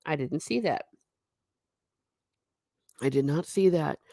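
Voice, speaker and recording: Chatty woman with a lively, low voice. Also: slow, vocal fry, no echo, studio quality. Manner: chatty, laughs often, self-mocking asides. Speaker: livestream host reading viewer chat. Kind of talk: casual livestream chat.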